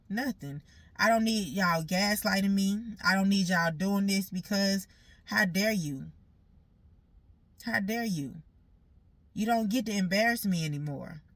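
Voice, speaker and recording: A woman's voice: medium pitch, no room sound. A woman giving an emotional personal monologue, talking bluntly with lots of swearing and repeating herself, sounding hurt and aggrieved. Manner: blunt, profane and repetitive.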